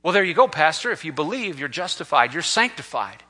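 A man preaching a sermon in a church, his voice high and very bright and cutting. He climbs to loud, emphatic peaks and drops to low asides, with a long reverb hanging in the hall around him. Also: sing-song, fairly quick. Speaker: pastor.

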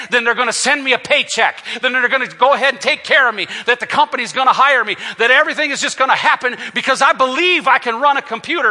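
A man preaching a sermon in a church, his voice high and very bright and cutting. He climbs to loud, emphatic peaks and drops to low asides, with a long reverb hanging in the hall around him. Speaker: pastor.

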